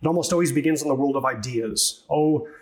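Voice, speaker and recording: A man preaching a sermon as pastor, teaching through a passage in a measured, explanatory way and pausing on rhetorical questions. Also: medium pitch.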